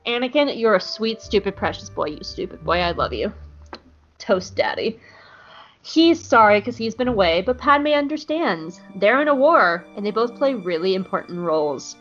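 A woman hosting a casual recap show, animated and playful, swearing freely. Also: medium pitch, normal speed, highs cut off, soft background music. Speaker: podcast host recapping an episode. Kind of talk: casual chat.

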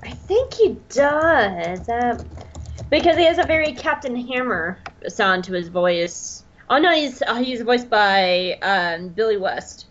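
A woman's voice: a little high, expressive, slow pace. Chatty woman podcaster, slightly dull audio. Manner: chatty, laughing, lots of fillers. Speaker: podcast co-host. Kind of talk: casual podcast chat. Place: her bedroom at home.

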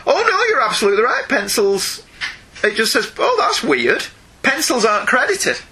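A British man in his forties co-hosting a casual comics discussion, animated and joking. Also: very high voice, normal speed. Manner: animated, breaks into plummy posh-British voices for jokes. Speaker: podcast co-host.

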